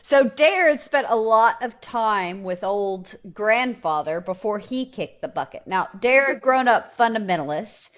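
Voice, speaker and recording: A woman co-hosting a casual history podcast, swearing freely, teasing and laughing often. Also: mid-range voice. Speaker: podcast co-host. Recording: dull lo-fi podcast audio.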